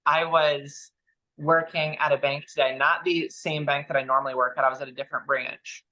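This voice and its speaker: A woman's voice: deep voice, steady tone, normal speed, pushed and bright. A woman co-hosting a casual podcast chat, telling stories in a dry, wry way. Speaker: podcast co-host.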